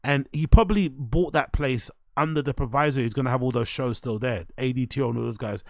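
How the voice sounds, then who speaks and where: A British man hosting a show, giving casual reaction commentary in an animated, slangy way with constant swearing. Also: medium pitch, brisk, vocal fry, no room sound, clean studio sound. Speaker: host.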